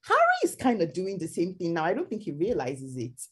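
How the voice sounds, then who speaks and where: A woman co-hosting a podcast explains her views at length in a casual chat, telling stories thoughtfully and acting out quotes. Her fairly low, darkish voice has a sing-song lilt and moves a little fast.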